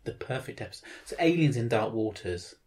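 A man's voice: mid-range voice, expressive, darkish tone. A man co-hosting a casual podcast, talking eagerly about an episode he loved. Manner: enthusiastic, quick to concede. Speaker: podcast co-host. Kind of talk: casual chat.

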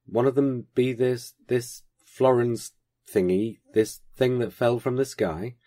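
A man's voice: medium pitch, slow pace, dark tone, pitched above the performer's own voice, close to an everyday voice. A man reading aloud, putting on a timid young milkmaid girl from the countryside who speaks hesitantly and deferentially in a country dialect.

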